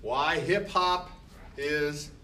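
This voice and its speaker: A man's voice: on the high side, very slow, sharp tone. An older man teaching a class, speaking emphatically and repeating short phrases for effect. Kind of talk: classroom lecture. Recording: distant mic with faint background noise.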